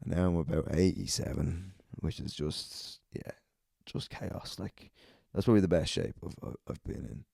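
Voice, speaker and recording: A man's voice: sits low, moderate pace, vocal fry, few pauses, dark tone, slightly rough, no echo, clean studio sound. A man in his thirties with an Irish accent, hosting a solo podcast and telling rambling, sardonic stories laced with swearing. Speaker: podcast host.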